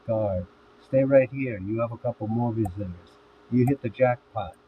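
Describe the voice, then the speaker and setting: A man's voice: medium pitch, normal speed, natural voice. A man reading the lines of a dry, curt jail guard. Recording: tinny phone-like audio with faint hiss.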